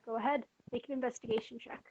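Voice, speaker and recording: A woman running a tabletop game as game master, with brisk, matter-of-fact narration and rules calls. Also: on the high side, fairly even intonation. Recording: muffled lo-fi mic with faint hiss.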